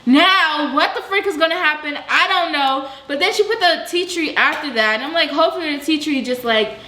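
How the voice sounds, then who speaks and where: A young adult woman telling a storytime vlog in a casual, slangy, animated way, full of exclamations. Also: high-pitched, brisk, echoey room. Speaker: vlogger.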